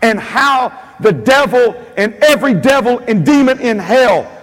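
High-voiced preaching man in a reverberant hall. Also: animated, measured pace, a bit bright. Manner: emphatic preaching with frequent amens and repetition. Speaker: pastor. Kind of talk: sermon.

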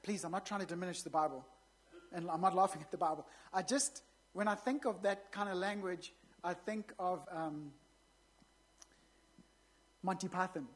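A woman's voice: on the low side, normal speed, long pauses, husky. A woman pastor preaching a sermon in a conversational way, with joking asides to the congregation.

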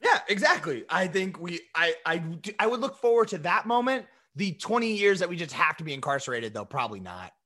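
A man's voice: high-pitched, very animated, fairly quick, few pauses, pushed and bright. A man co-hosting a podcast, joking animatedly in casual banter with frequent stammered restarts. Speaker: podcast co-host.

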